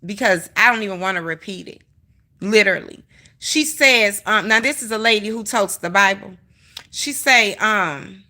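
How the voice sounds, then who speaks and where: A woman's voice: medium pitch, moderate pace, bright, forceful tone. A woman streaming live, ranting emphatically and with a lot of profanity as she talks straight to her viewers in the chat. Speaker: livestreamer. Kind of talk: heated commentary rant to a live chat.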